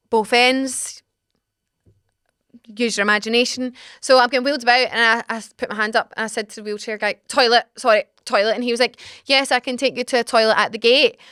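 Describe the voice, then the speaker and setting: An animated young Scottish woman talks through a story on her podcast, exasperated and quick to laugh. Her voice sits a little high and comes across smooth and clear. The studio sound is dry and close. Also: dry recording. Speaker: podcast host. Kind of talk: casual storytelling monologue.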